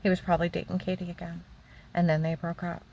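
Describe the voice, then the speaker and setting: A woman's voice: on the low side, little pitch movement, vocal fry, mellow, a little hiss or hum. An older woman giving a rambling, emotional personal testimony about her own life. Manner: rambling, emotional, halting storytelling.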